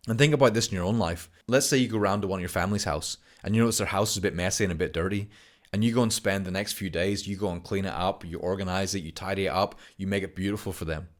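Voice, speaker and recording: A low-voiced man teaches gratitude as a self-help course instructor, giving a motivational talk to camera. He is earnest and acts out little dialogues in other people's voices.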